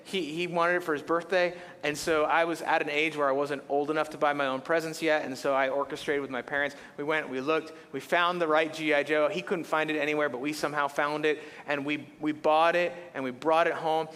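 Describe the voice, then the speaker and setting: A man's voice: fairly high pitch, a bit bright. A middle-aged man preaching a sermon in a church, telling stories with humor and animation. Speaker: pastor. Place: church auditorium. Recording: long church hall reverb.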